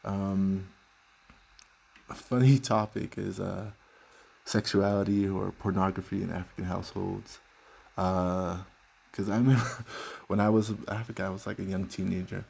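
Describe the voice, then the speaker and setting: A man's voice: low voice, little pitch movement, normal speed, vocal fry, a little mellow, slightly rough. A young man hosting a podcast, telling stories from his childhood in a laid-back, joking way. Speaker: podcast host. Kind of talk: casual storytelling monologue.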